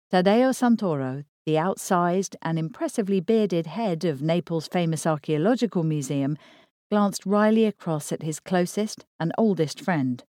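Woman, audiobook narrator, measured even reading, low mellow voice, dry close recording. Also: no room sound. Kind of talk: scripted narration.

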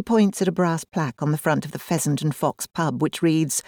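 A woman's voice: sits low, moderate pace, few pauses, dark tone, no room sound, studio quality. A woman, reading a first-person audiobook in a wry, self-deprecating, conversational manner. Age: 40s. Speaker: audiobook narrator.

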